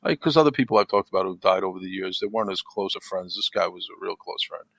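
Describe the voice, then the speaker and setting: A middle-aged man in casual podcast talk, rambling and repeating words, turning animated when he tells a story. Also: low-pitched, fast, gravelly, dry recording. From United States. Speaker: podcast guest. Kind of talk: casual chat.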